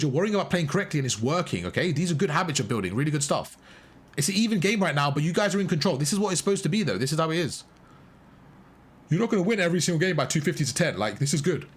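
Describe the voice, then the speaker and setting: A young man coaching a player through a live match, talking at a rapid clip in a husky, slightly raised voice. He praises good plays emphatically and repeats his instructions until they land. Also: on the high side. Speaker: game coach. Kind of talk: live gameplay coaching commentary.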